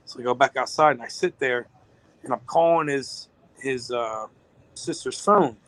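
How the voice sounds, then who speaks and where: A man's voice: medium pitch, moderate pace, fairly bright tone, no echo, poor audio. A man, a business-owner guest on a podcast, telling a long story in an emotional, rambling way.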